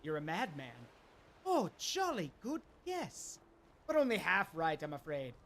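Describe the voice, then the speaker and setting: Streamer putting on a manic male mad god, theatrical, swooping pitch, drawn-out words, sudden loud bursts. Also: wildly swooping pitch, a little hiss or hum, heavily acted. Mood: grandiose.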